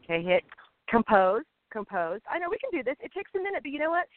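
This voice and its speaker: A woman co-hosting a casual faith podcast, talking excitedly and urging listeners on. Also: high voice, fast talker, dry recording. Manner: excitable, emphatic, exhorting listeners. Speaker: co-host. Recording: tinny phone-like sound.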